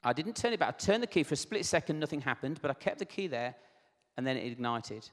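A man's voice: medium pitch, expressive, quick pace, big-room sound. A man preaching a sermon, telling a personal testimony in a conversational, storytelling way with asides.

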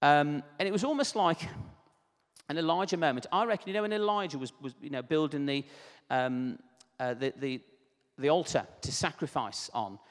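A man's voice: on the high side, moderate pace, big-room sound. A man preaching a sermon, telling a personal testimony in a conversational, storytelling way with asides.

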